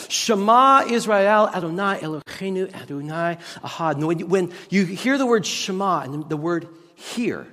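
A man preaching a sermon as pastor, teaching on Hebrew words with lively rhetorical questions. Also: high voice, measured pace, hardly any pauses, long reverb tail. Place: church sanctuary with tech team.

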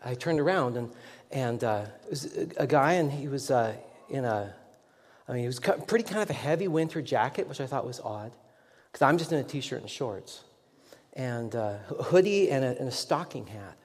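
A man's voice: medium pitch, expressive, normal speed. A man preaching a sermon as a pastor, telling a story in a rambling, self-deprecating way with many restarts. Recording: long echoing hall reverb.

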